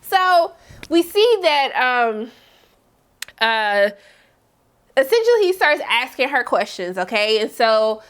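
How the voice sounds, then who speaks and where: High-voiced animated woman recapping TV. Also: slow pace, pauses often, clear, resonant tone. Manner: chatty and animated, with big pitch swings and playful asides. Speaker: TV recap host. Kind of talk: casual TV recap commentary.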